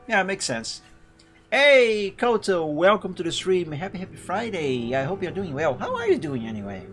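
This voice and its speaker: A man on a live stream, reading a visual novel aloud and chatting with viewers in an animated way, often laughing. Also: fairly high pitch. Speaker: game streamer. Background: faint game music.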